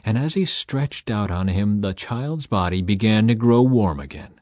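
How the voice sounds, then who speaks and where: A man narrating a scripture story in a measured, deliberate reading style. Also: on the low side, lively intonation, a little mellow, no echo, clean studio sound.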